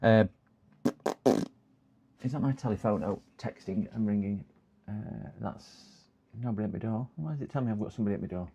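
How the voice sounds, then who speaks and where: A man's voice: lowish voice, brisk, creaky, long pauses, dark tone, slightly rough, highs cut off. A man chatting casually with viewers on a live stream while repairing a computer, rambling and thinking aloud as he works.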